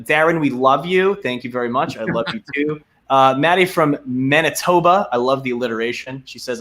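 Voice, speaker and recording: A man's voice: mid-range voice, fairly bright tone. A young man chatting casually on a video call as a guest actor, reading out donor names with many ums and uhs and sounding grateful.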